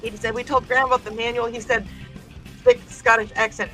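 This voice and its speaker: A woman's voice: on the high side, fairly even intonation, brisk, a bit bright, soft background music. Chatty woman livestream host. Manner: chatty, laughs often while reading comments. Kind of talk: casual chat, reading viewer comments aloud.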